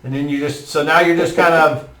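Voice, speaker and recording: A man narrating as game master of a tabletop game, describing scenes with pauses and fillers. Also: on the high side, steady tone, fairly bright tone. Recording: roomy room, mic far off.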